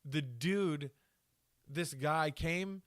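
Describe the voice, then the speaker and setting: Speaking very slowly in a slightly high voice, a man hosts a solo podcast with clean studio sound and no echo. He swears constantly through a crude rant and pokes fun at himself, laughing as he goes.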